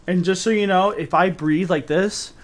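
A young man streams a horror game at a moderate pace, his voice sitting high. He chats casually with his viewers as he comments on the gameplay, swearing a lot.

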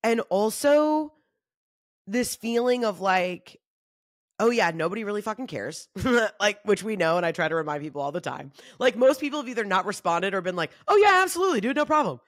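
A woman comedian talking in a casual solo monologue, animated and swearing freely, acting out other people's voices. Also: normal speed, no echo, studio quality. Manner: acts out quoted voices in shifting pitch. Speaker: comedian and podcast host.

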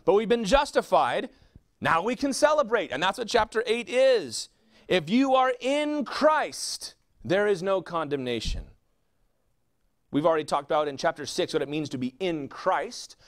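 A man preaching a sermon as a pastor, asking rhetorical questions and answering them himself. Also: high-pitched.

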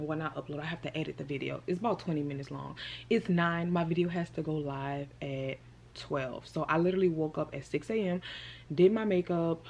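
A young woman vlogs from her apartment, chatting casually to a camera on a tripod and calling her viewers "girl" and "y'all." Her voice sits low with vocal fry and a slightly mellow quality, with slight background noise.

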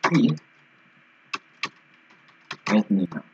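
A man's voice: slow pace, a little hiss or hum. A man giving casual, playful commentary while playing a shooter game, singing and chanting between kills. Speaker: gaming streamer. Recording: dull lo-fi mic with faint keyboard typing.

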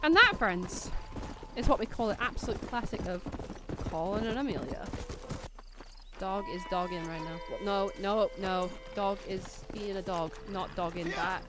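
A woman with a Welsh accent giving loud, excitable gameplay commentary, swearing as she plays. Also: mid-range voice, moderate pace, background noise. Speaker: gaming YouTuber.

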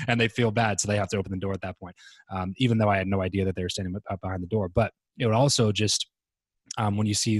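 A man talking as a podcast guest in casual interview chat, relaxed and rambling, with many fillers and restarts. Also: lowish voice, dry recording.

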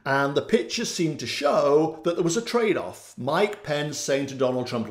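Man, dramatic storytelling monologue, lively and unhurried, roomy echo. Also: a little high. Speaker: channel host. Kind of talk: storytelling monologue about psychic visions.

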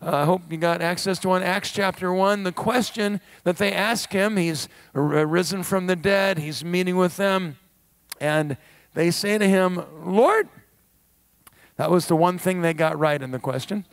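Man, middle-aged, preacher, high voice, dry close sound, animated sermon. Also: a little slow, no echo. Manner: animated, wry asides, laughs while preaching. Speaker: guest pastor. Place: church sanctuary.

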